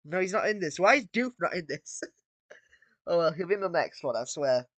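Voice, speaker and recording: A man with a bright, forward voice, recorded close and dry, reads battle text out loud. He delivers it casually, drops asides and the odd swear between sentences. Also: on the high side, expressive, a little fast, no room sound. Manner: casual, swears and laughs between read lines. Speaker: video creator. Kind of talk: reading out and reacting to AI-written battles.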